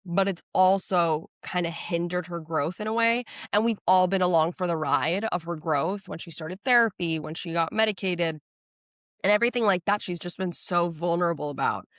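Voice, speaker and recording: Young woman, podcast host, gushing chatty delivery, lowish voice, dry close mic. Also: no echo. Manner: gushing, animated, chatty with lots of likes. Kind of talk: casual solo podcast chat about astrology.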